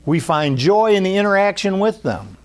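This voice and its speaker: A man's voice: sits high, lively intonation, normal speed. A man preaching an earnest spiritual talk, restarting his phrases often and acting out what people say to themselves. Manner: earnest, repetitive, with many restarts and acted-out quotes. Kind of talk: spiritual sermon.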